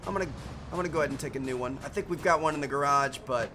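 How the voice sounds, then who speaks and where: A man's voice: fairly high pitch, racing, over music. Upbeat man commentating gameplay. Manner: upbeat, chatty.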